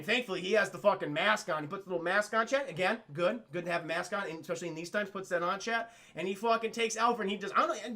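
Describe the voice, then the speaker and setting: A man's voice: high-pitched, bright, forceful tone. A man casually recapping a cartoon for his livestream chat, rambling and profane, often addressing the chat and acting out characters. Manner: acts out characters in quick voices. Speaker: streamer reviewing a cartoon.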